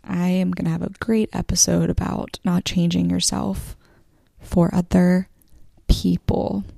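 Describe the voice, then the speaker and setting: A woman's voice: lowish voice, level tone, a little slow, gravelly, mellow, dry recording. A woman hosting a podcast, talking in an emotional, encouraging monologue to her listeners, swearing casually and close to tears. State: near tears. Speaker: podcast host.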